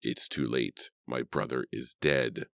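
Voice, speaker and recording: Hoarse unhinged older man voiced by a man, snarling, very deep, dry close voice. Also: steady tone, slow, fairly bright tone, no echo, heavily acted. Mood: cold, snarling. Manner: muttering, snarling. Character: deranged older man with a rifle.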